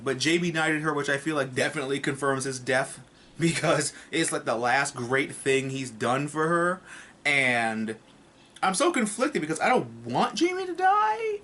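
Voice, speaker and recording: A man casually reviews a TV episode in a vlog, rambling, swearing and throwing in joking asides. His voice is fairly high and sharp, with a little hiss or hum in the recording.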